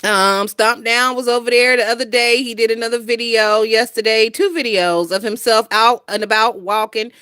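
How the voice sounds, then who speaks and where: A woman's voice: fairly high pitch, fairly even intonation, moderate pace, hardly any pauses, fairly bright tone, smooth, dry recording, clean studio sound. A woman in her twenties hosting a casual gossip livestream, brash and profane, reading out viewer comments and laughing often. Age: 20s. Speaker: gossip channel host.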